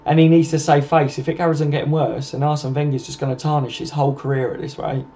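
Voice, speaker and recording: A man's voice: fairly high pitch, little pitch movement, fast talker, dark tone. A man hosting a casual live stream, chatting to viewers and calling them mate. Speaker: host. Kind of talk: casual live-stream chat reading comments. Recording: dull lo-fi home stream with faint noise.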